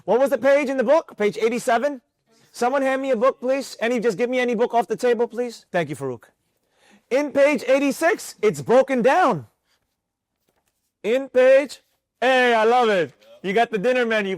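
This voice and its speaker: A man with a high, light voice leads a trading mentorship class in front of students. He talks in an animated, preachy way and hammers his points home by repeating them. The sound is dry and close, with no room echo. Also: normal speed. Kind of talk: live mentorship class talk.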